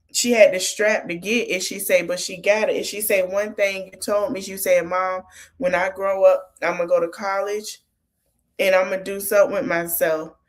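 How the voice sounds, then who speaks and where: Chatty woman podcast host, motherly advice. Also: mid-range voice. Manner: chatty, gives motherly advice straight to the cast. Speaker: podcast host recapping a reality show. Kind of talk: casual recap chat.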